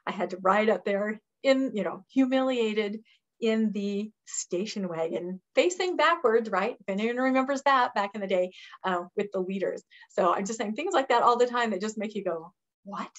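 A woman in her fifties, a guest in an interview, telling stories in a lively conversational way and acting out the voices of the people she quotes. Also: mid-range voice, moderate pace, highs cut off. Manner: animated storyteller who acts out quoted voices and laughs often. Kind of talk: conversational storytelling.

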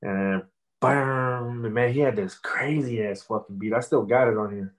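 A man's voice: medium pitch, measured pace. A man in his thirties, a rapper telling stories in a casual interview, swearing a lot and repeating fillers. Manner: profane, animated storytelling with many fillers.

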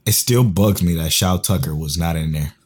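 A man co-hosting a casual podcast chat, animated and profane, laughing often. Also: low voice, normal speed. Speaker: podcast co-host.

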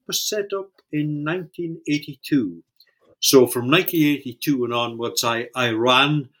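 A man's voice: mid-range voice, a bit bright. A man being interviewed about his working life, speaking thoughtfully and often repeating words while he gathers his thoughts. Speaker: interview guest, fishing industry leader. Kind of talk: recorded oral-history interview.

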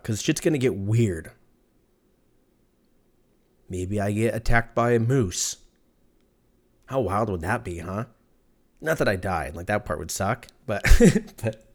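Male podcast host, lower register, loose profane storytelling rant, laughs a lot, spikes up high for punchlines. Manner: rambling, profane, laughs often; animated, jumps pitch when excited. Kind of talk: casual solo rant.

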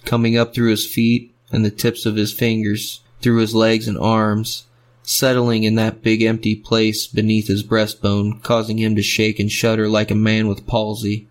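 A man's voice: lowish voice, monotone, moderate pace. A man narrating a story in rhythmic, fragmentary phrases.

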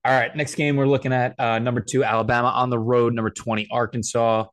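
A man hosting a casual sports podcast, talking in a relaxed, hesitant way with lots of fillers and the odd swear word. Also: mid-range voice, quick pace, no echo. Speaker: podcast host.

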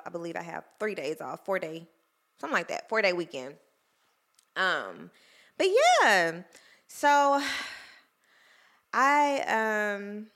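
Candid low-voiced woman vlogger. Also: fairly bright tone. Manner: candid, emotional, many fillers. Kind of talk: casual chat to camera.

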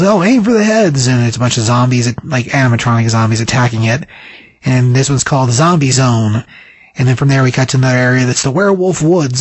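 A man's voice: medium pitch, no room sound. A man casually recapping a comic book scene by scene, rambling with many fillers.

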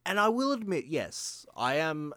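A man's voice: on the high side, very animated, a little slow, a bit bright, dry recording. A man co-hosting a film review podcast, talking casually with hesitant restarts. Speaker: podcast co-host.

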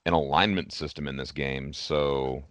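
A man's voice: extremely low pitch, fairly even intonation, moderate pace, a bit bright, no echo. A man co-hosting a casual gaming podcast, with a dry, sarcastic way of talking. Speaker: podcast co-host.

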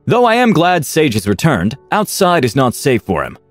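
A man's voice: on the high side, wildly swooping pitch, normal speed, no room sound, faint music behind, pitched above the performer's own voice. A man doing a stern, shrewd rich father. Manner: cold, commanding, clipped. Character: stern wealthy older father, shrewd businessman.

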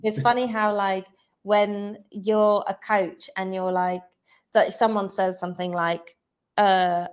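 A woman's voice: mid-range voice, flat delivery, slow pace. A woman coach co-hosting a podcast, talking through coaching experiences in a reflective, conversational way. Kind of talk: casual chat.

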